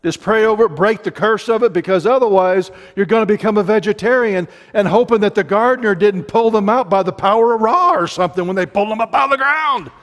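A man's voice: high-pitched, fast, few pauses, fairly bright tone, long reverb tail. A man voicing the apostle Paul as a casual, folksy adviser, speaking in a breezy, reassuring way.

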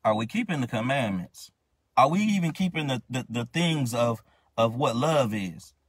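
A man's voice: mid-range voice, lively intonation, normal speed, breathy edge, dry recording. A man ministering, preaching a sermon in a fervent, questioning way with many restarts.

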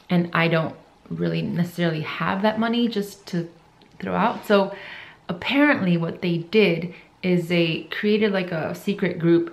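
A woman's voice: fairly low pitch, creaky. A young woman vlogging casually to camera about her fitness competition, chatty and emotional.

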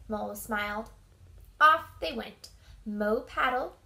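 A woman reading a children's storybook aloud with expressive, animated delivery. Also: on the high side, takes it slowly, creaky. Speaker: storybook reader.

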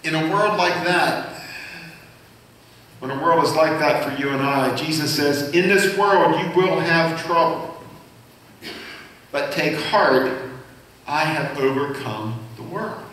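Slow and punctuated by long pauses, a senior pastor's fairly high, slightly bright voice carries a conversational sermon in which he asks the congregation questions. The church sanctuary sounds cavernous, and he is distant from the microphone.

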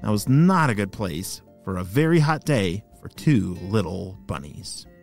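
Animated man telling a kids' story. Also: on the low side, unhurried, gravelly, soft background music. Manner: animated, enthusiastic, playful. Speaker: children's storyteller and podcast host. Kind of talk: children's story narration.

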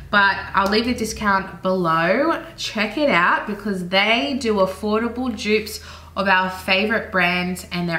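A bright, crisp-toned Australian woman talks through her beauty haul in an eager, chatty way, drifting into asides as she goes. The sound is roomy, with a clear echo off the walls. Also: mid-range voice. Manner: chatty, enthusiastic, rambling asides. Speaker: beauty vlogger. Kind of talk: casual product haul chat. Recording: roomy echoey room.

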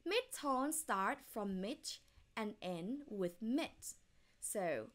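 A woman's voice: medium pitch, animated, very slow. A woman with a Thai accent teaching a language lesson step by step, demonstrating tones by drawing out single syllables.

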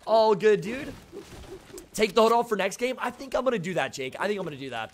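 A young man streaming a shooter game live, chatting casually with his viewers and greeting them by name, with excitable outbursts during fights. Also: high voice, fast. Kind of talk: casual live-stream chat while playing.

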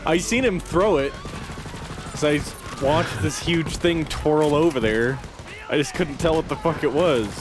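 A man's voice: a little high, slow, long pauses. A man streaming a video game, chatting casually, giggling and swearing freely. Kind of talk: casual gaming commentary. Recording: game music in background.

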